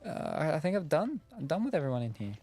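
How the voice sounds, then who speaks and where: A man's voice: on the high side, very animated, fast, warm tone, husky, soft background music. An Australian man chatting casually while playing a game, rambling with lots of fillers and jokes. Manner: rambling, lots of ums, jokey. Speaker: gaming streamer. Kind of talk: casual chat while gaming.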